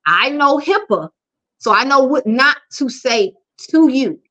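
A woman's voice: high-pitched, lively intonation, measured pace, bright, forceful tone. A woman life coach speaking frankly and openly in an interview. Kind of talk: candid conversational interview. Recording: dull lo-fi audio.

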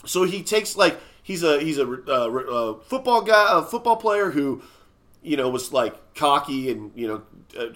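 A man's voice: fairly high pitch, a bit bright. A man hosting a casual podcast, rambling and swearing with lots of fillers and restarts. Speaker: podcast host. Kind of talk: casual chat.

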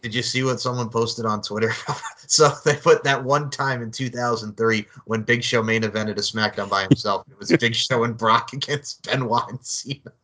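A man's voice: mid-range voice, steady tone, normal speed, hardly any pauses, sharp tone. A man talking wrestling in a casual chat, rambling with lots of filler phrases. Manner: rambling, many "I mean" fillers.

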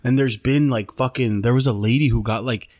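Podcast co-host, man, mid pitch, easygoing storyteller full of bro and dude, dry close sound. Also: fairly even intonation, brisk, darkish tone, no echo. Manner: laid-back, swears freely, says bro and dude. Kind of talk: casual storytelling chat.

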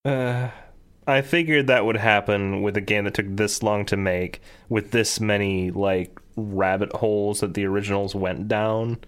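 A man's voice: fairly low pitch, fairly even intonation, unhurried. A man in casual chat about video games, joking and teasing his co-host.

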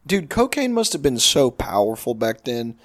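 A man's voice: very animated, moderate pace, fairly bright tone. A young man co-hosting a podcast, joking crudely and swearing a lot. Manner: profane, joking, breaks into falsetto singing. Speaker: podcast co-host. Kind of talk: crude casual banter. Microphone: headset mic with headphones.

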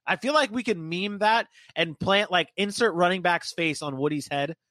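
A man hosting a casual sports podcast, animated and joking as he leads the talk. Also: high voice, moderate pace, no echo. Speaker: podcast host.

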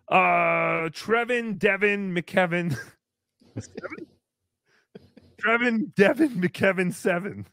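A goofy male livestream host reading out member thank-yous. His voice sits high and leaps wildly in pitch. The mic is close and dry. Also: slow, no room sound. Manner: goofy, animated, swinging between squeals and mumbles. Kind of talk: comedic live-stream chat.

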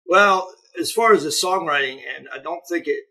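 A man's voice: a little high, moderate pace, bright, forceful tone, low-quality recording. A man from eastern Ohio with a Pittsburgh-area accent, talking in an easygoing, rambling way as a guest in an interview. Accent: Pittsburgh-area (Yinzer). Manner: rambling, easygoing, many fillers. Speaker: guest musician. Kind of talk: casual interview chat.

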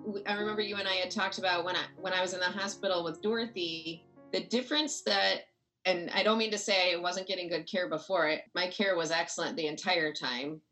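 Bright-voiced woman, quick and earnest. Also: on the low side, steady tone, soft background music, poor audio. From Chicago. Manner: quick and earnest, restarts her sentences. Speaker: interview guest, host's sister. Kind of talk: conversational interview.

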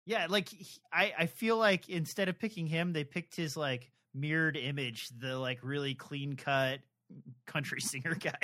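A man co-hosting a podcast, talking casually and haltingly with many fillers and restarts. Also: a little high, pushed and bright. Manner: rambling, hesitant, lots of fillers and restarts. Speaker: podcast co-host. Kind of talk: casual chat about a TV adaptation.

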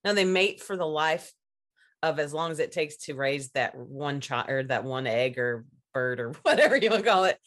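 Woman w a low voice, blunt casual chat, laughs a lot. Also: lively intonation, normal speed, a bit bright. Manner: frank, laughs often.

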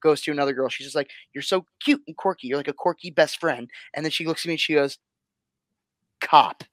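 A man chatting casually as a guest, telling lively stories and acting out what people said. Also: fairly high pitch, quick pace, no room sound. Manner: animated storyteller, acts out quotes with big swings. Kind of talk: casual chat.

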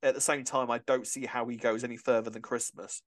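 A man's voice: medium pitch, flat delivery, fairly quick. Guy chatting on a soap podcast, keen and rambly, restarts a lot, middling voice. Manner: chatty, enthusiastic, restarts often. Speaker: podcast co-host. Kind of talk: casual chat about a soap opera.

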